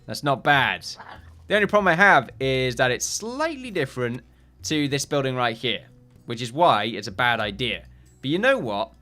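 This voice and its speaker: This gaming channel host's mid-range voice is bright and forceful as he runs a let's play. The commentary is casual and rambling, and he keeps cracking self-deprecating jokes.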